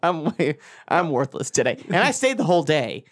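A man's voice: on the high side, normal speed. Man laughing through a crude story. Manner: laughs through crude anecdote, animated swings up when excited. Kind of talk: casual storytelling chat.

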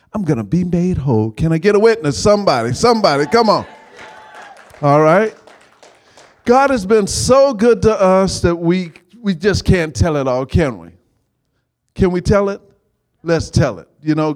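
Exuberant high-voiced man preaching. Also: no room sound. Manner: exuberant, rousing, playful, switches to soft intimate tone. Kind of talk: energetic sermon with call-and-response.

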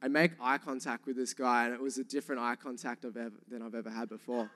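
A man's voice: mid-range voice, quick pace, long reverb tail. A young man with a New Zealand accent, preaching a sermon and telling funny stories to the congregation. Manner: lively storytelling, jokes with the congregation. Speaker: youth pastor.

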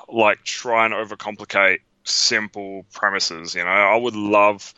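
A man co-hosting a podcast in casual, animated chat, acting out bits of movie dialogue. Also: lowish voice, slow pace, smooth, no room sound, highs cut off. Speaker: podcast co-host.

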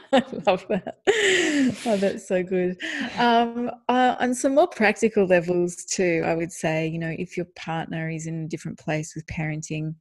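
Woman podcast host, lowish voice, dry close sound, earnest and reflective, laughs a lot. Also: unhurried, dry recording. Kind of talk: casual podcast chat.

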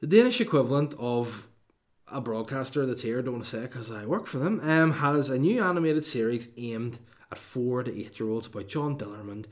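A man in his thirties, mid-pitched and talking casually as he riffs through a comic monologue. His delivery is sweary and digressive, full of asides and mock indignation. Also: lively intonation, moderate pace. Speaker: comedy podcast host.

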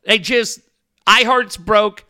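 A man's voice: sits high, slow, pushed and bright, clear, resonant tone, no room sound. A man co-hosting a sports podcast, ranting heatedly and swearing constantly. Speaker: podcast co-host. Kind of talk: profane sports radio rant.

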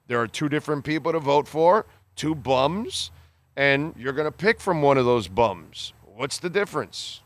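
Expressive and fairly high-pitched, a podcast host reads listener comments in a recording with no echo. His reactions are blunt and exasperated, peppered with free swearing, halting sentence restarts, and many fillers.

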